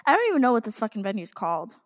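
Excitable young woman co-host, high voice. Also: very fast, in a large hall. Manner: excitable, swears freely, dramatic groans. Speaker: podcast co-host. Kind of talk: casual fan podcast chat.

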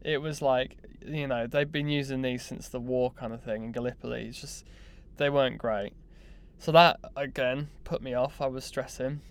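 A young man telling a personal story in a casual, animated, self-mocking way. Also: medium pitch, moderate pace, clear, resonant tone. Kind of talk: casual anecdote monologue.

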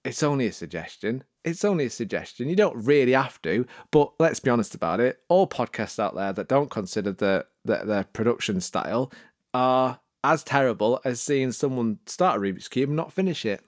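This man's podcast production advice comes as a playful, mock-serious comic monologue, full of theatrical flourishes and abrupt swoops in his voice. He speaks at a normal pace with an expressive, medium pitch, and the studio recording is clean and dry.

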